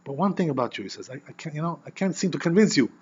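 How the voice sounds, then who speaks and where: A man who is a rabbi teaching an informal Torah class, animated and constantly checking in with "you know" and "right?". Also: on the high side, rapid-fire, muffled recording.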